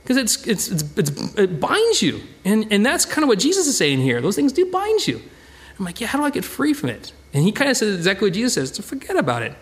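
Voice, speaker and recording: A man preaching a conversational sermon as pastor, chatty and animated, often restarting and repeating words. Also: high voice, a little fast.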